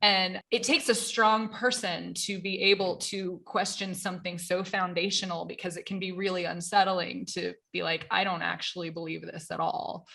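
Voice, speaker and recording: A woman's voice: fairly low pitch, steady tone, normal speed, gravelly, few pauses, bright, forceful tone. A young woman hosting a podcast, responding to her guest in an affirming, thoughtful way. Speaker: podcast host. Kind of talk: conversational interview.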